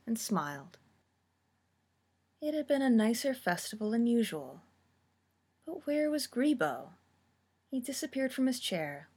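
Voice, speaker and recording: A woman narrating a story with a steady, expressive reading. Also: mid-range voice, slightly rough.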